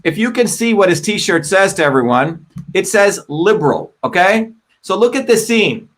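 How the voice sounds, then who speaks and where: A man's voice: sits high, animated, normal speed, a bit bright. A middle-aged man hosting a livestream, talking the audience through a clip and checking in with "okay?". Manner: talkative, repeats "okay?" to the audience. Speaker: livestream host. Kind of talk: casual livestream commentary.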